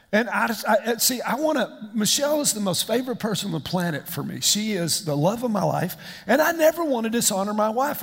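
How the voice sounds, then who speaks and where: A middle-aged man, preaching a sermon as a pastor, animated and calling out questions to the congregation. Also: sits high, breathy edge, big-room sound.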